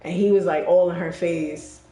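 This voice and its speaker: A woman's voice: on the low side, normal speed. Young New woman telling a story casually. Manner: animated, profane, filler-heavy storytelling. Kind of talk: casual chat. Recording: echoey room, far from mic.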